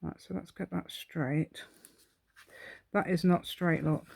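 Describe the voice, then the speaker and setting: Woman host, low-ish voice, rambling and giggly self-talk while demonstrating a craft; dry sound. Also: steady tone, slow, gravelly, a little mellow, breathy edge, no echo. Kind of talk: chatty step-by-step craft tutorial.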